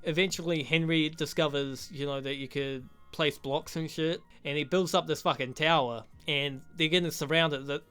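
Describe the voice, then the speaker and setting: A man's voice: a little high, steady tone, normal speed, hardly any pauses, a bit bright, smooth, faint music behind. A young man giving a rambling, profane, joking recap of a movie as a reviewer. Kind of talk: crude comedic movie recap.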